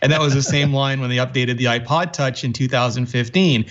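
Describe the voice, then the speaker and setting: A man's voice: medium pitch, fairly even intonation, a little fast, fairly bright tone, lo-fi sound. A man from Montreal, a panelist on a tech podcast, telling chatty anecdotes. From Montreal, Canada. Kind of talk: casual tech chat.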